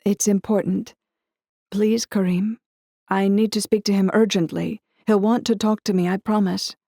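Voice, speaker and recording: A woman's voice: medium pitch, steady tone, moderate pace, creaky, warm tone, no room sound, studio quality, pitched above the performer's own voice. A woman voicing an earnest teen girl pleading. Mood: urgent. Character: teenage girl, determined, a little nervous.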